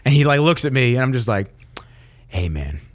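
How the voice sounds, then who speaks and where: A man's voice: medium pitch, fast talker. A man co-hosting a podcast, telling a story in casual chat, laughing often, swearing and acting out what people said. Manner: animated, laughs a lot, swears freely, acts out dialogue. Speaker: podcast co-host.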